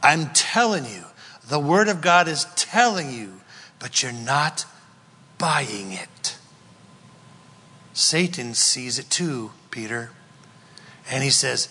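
A male pastor preaching a sermon, emphatic and swinging between loud declarations and hushed whispers. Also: mid-range voice, big pitch swings, takes it slowly, pauses often, slightly rough, long reverb tail.

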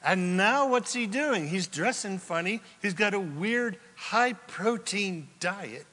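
A man preaching a sermon as a pastor, telling the story in a lively, joking way and acting out the quotes. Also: sits high, slow pace. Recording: long hall reverb from a large room.

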